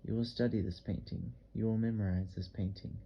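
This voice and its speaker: A man's voice: fairly low pitch, fairly even intonation, fairly quick, creaky, slightly rough, lo-fi sound. A man voicing a blunt, strong-voiced Russian-accented artist. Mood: commanding. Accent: vague Russian. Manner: blunt, insistent, repeats commands. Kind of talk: audiobook character reading.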